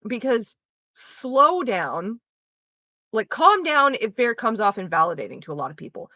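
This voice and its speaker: A woman's voice: on the high side, big pitch swings, a little slow, pushed and bright, no echo. A young woman streamer chatting casually and frankly while she plays, explaining things and swearing freely. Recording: dull lo-fi dry sound.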